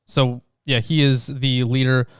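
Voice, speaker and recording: A man's voice: mid-range voice, level tone, a little slow, clean tone, dry recording, studio quality. Hesitant man explaining with fillers. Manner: hesitant, many filler sounds while explaining. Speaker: co-host. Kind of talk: casual chat and commentary on a text.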